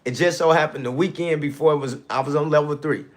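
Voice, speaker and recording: A man's voice: fairly high pitch, fairly even intonation, fast. A man telling a personal story on a live stream, calling out to his viewers and repeating lines to drive them home. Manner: repetitive, building emphasis. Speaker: landscaping business owner.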